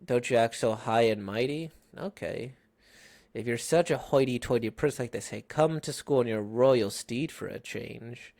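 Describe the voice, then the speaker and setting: A man reading out the lines of a scornful, sharp-tongued schoolgirl in a comic, in a voice close to his own. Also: medium pitch, a little slow, vocal fry. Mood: taunting.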